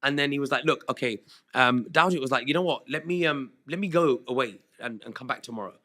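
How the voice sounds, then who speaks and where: A man tells a story in a casual interview, his tone bright and forward. He re-enacts the conversations he describes, and his voice sounds a little worn from recent shows. His pitch sits in an ordinary middle range. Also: fast talker. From Southall, London. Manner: chatty, re-enacts dialogue with "he goes" and "I was like". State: slightly worn voice after shows. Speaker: guest singer.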